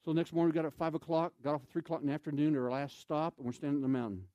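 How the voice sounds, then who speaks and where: A man preaching in an animated storytelling style, swinging between loud bursts and hushed, low passages. His voice sits somewhat high for a man and is recorded dry and close, and he keeps asking the crowd questions as he acts the story out. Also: racing, dry recording, highs cut off. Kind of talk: storytelling sermon.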